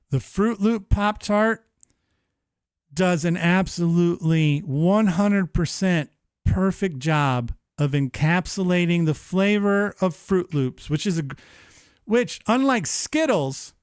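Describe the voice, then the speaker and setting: High-voiced animated male streamer. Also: clean tone, no room sound, clean studio sound. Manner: animated, profane, mock-emotional. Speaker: show host. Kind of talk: casual livestream chat. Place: streaming setup.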